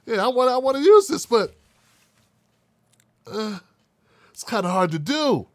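An independent media commentator with a high, very lively voice swoops up and down while mocking and swearing through his own online show. He sounds sarcastic and loose and talks a little slowly, and the recording is dry and close with no room sound.

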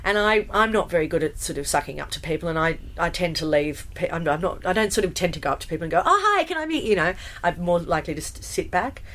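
A woman, a musical theatre performer chatting in an interview, animated and full of fillers and restarts. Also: sits low, quick pace, hardly any pauses. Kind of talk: casual interview storytelling.

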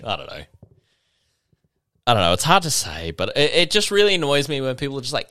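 Tipsy man ranting on his podcast, swinging pitch, swears, mocks people in put-on voices. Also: brisk, long pauses, no echo. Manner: animated, swearing, mocking impressions. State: a bit tipsy. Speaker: podcast host. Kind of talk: casual solo podcast rant.

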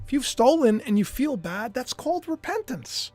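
A man hosting a podcast from home, preaching scripture fervently and slowing down hard on key words. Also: extremely high pitch, big pitch swings, darkish tone, no echo, faint music behind. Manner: fervent, slows down hard for emphasis. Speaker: podcast host.

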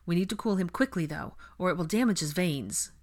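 A woman's voice: lowish voice, animated, brisk. A woman reading the part of a brusque, commanding young wizard who gives firm, clipped orders.

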